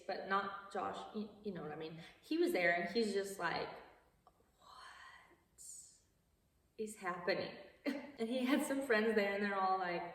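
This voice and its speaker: A young woman casually retelling a film plot, chatty and amused, jumping into little voices for the characters. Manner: chatty, amused, acts out quotes with lively pitch jumps. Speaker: vlogger. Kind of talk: casual movie recap storytelling. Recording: roomy, echoey, from a distance.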